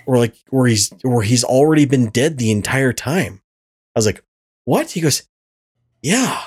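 Animated man telling stories on a podcast. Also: mid-range voice, moderate pace. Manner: animated storytelling, swearing and laughing. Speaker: podcast host. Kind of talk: casual podcast chat. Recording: poor audio from a faulty mic.

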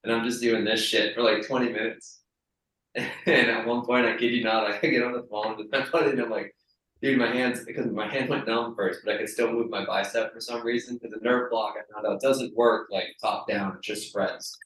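A young man with a lowish voice briskly spins a rambling, profane story, animatedly acting out what everyone said. He's a strength coach chatting casually with a friend, and the room lends his voice a noticeable echo.

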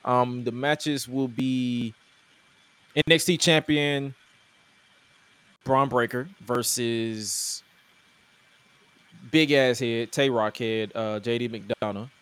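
A man's voice: medium pitch, fairly even intonation, slow pace, pauses often, fairly bright tone, smooth. A man co-hosting a podcast, chatting casually and jokingly about wrestling with loose restarts. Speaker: podcast co-host.

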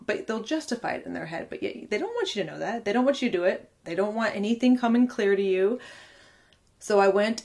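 30s woman talking straight into her podcast, gravelly fry in her voice, honest and earnest, keeps quoting people. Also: medium pitch, a little mellow. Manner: candid and earnest, often quoting others. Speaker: podcast host. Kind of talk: personal storytelling monologue.

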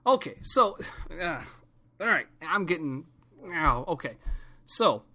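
A man hosting a podcast, telling a rambling, profane, animated story in a casual comedic rant. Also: on the high side, takes it slowly. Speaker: podcast host.

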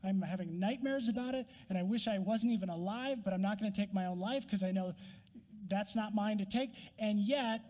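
A man's voice: high-pitched, fairly quick, a little mellow, in a large hall. A man preaching a sermon, emphatic and honest, acting out Job's complaints to God with rising intensity and dropping to whispers. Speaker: pastor.

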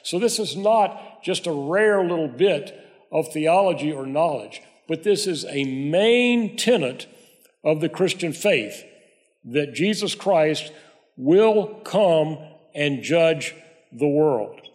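Male pastor, conversational measured sermon delivery, reverberant church. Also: a little high, animated, darkish tone. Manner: measured, conversational preaching with prayer.

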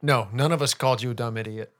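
A man's voice: mid-range voice, fairly even intonation, fast talker, a bit bright. A young man co-hosting a casual podcast, teasing his sibling with sarcastic banter. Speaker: podcast co-host. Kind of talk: casual chat.

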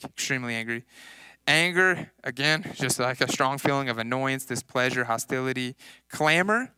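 A man in his thirties preaching a casual sermon, telling personal stories in an animated way and acting out what people said. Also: mid-range voice, clean tone, no echo. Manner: casual, animated storytelling with acted-out quotes. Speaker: pastor.

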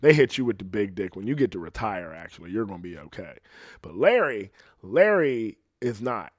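A man's voice: lowish voice, big pitch swings, normal speed, no echo, clean studio sound. A man with a slight lisp, hosting his own podcast in a casual, rambling solo monologue full of swearing. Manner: profane, rambling rant. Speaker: podcast host.

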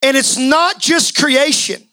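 A male pastor delivering an impassioned sermon, swinging from quiet talk to shouting. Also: very high voice, slow, dry recording, rough recording.

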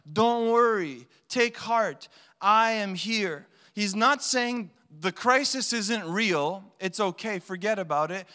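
Male pastor, conversational sermon delivery with animated quotes, clear resonant voice, echoing church hall. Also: on the high side. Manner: conversational preaching, animated quoting. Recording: long hall reverb.

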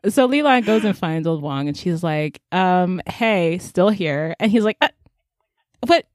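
A woman chatting casually as she recaps a story. She jumps into quick character voices for the quotes and keeps the pace going. The sound is close and dry, with no room around it. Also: fairly low pitch, lively intonation, darkish tone, no room sound. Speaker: podcast co-host recapping a drama. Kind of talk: casual chat.

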